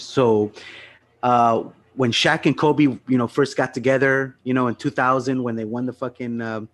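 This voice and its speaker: A man's voice: medium pitch, normal speed. A man telling a personal anecdote in casual, profane chat as a podcast host. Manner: excitable, profane anecdote teller.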